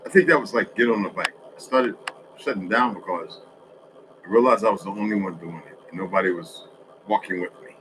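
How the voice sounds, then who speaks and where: A man's voice: lowish voice, a little fast, noisy background. A man in a casual, rambling monologue for social media, telling streetwise stories with lots of cursing. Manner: profane, rambling, streetwise storytelling.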